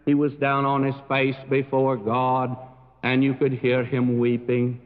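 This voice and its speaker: A man preaching a sermon in a slow, earnest way that swells to emphatic peaks. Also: medium pitch, completely flat delivery. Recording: tinny narrow-band recording with long reverb.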